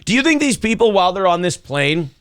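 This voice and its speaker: A man's voice: high-pitched, very animated, fast talker, dry recording, studio quality. A man hosting a streamed morning talk show, riffing sarcastically and laughing often.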